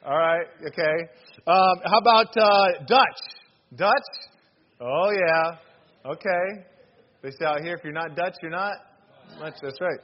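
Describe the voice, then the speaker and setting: Male pastor, sermon delivery, slightly raised pitch, playful asides, dull low-fi recording. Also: takes it slowly, pauses often. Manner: joking asides, polls the congregation. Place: church hall. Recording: dull lo-fi sound with faint noise.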